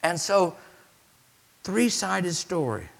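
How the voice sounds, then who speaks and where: Animated man preaching a dramatic sermon. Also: sits high, takes it slowly, gravelly. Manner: dramatic storytelling, acting out voices, swings from hushed to shouting.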